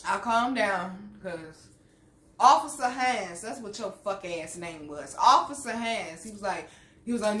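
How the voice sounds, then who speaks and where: A woman telling a story with a lot of profanity and laughter, then dropping to hushed asides, in a casual chat on her channel. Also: medium pitch, normal speed. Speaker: channel host. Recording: echoey room with faint noise.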